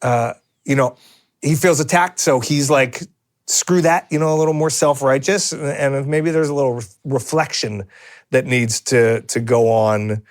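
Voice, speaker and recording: A man's voice: medium pitch, moderate pace. A man co-hosting a podcast in a studio, rambling in casual chat with many restarts and fillers. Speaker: podcast co-host.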